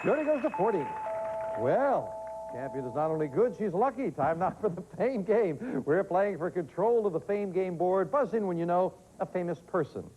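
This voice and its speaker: A high, lively man hosts a quiz show with quick, joking patter, his voice swinging up and down as he reads questions. The sound comes from a noisy old 1980s TV tape with hiss behind him. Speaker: game show host.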